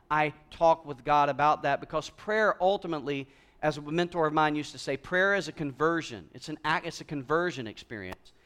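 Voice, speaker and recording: A man preaching a conversational sermon, moving from hushed, slow passages to loud, emphatic ones. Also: fairly high pitch, clear, resonant tone. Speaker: pastor.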